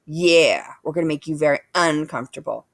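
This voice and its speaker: A woman's voice: sits low, brisk, dry recording, clean studio sound. Woman doing a sulky young boy bear. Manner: sulky, whiny, growling.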